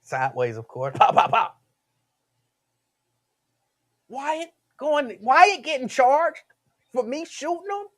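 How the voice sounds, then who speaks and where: A man hosting a talk radio show, telling stories in an animated, slangy way. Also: very high voice, unhurried.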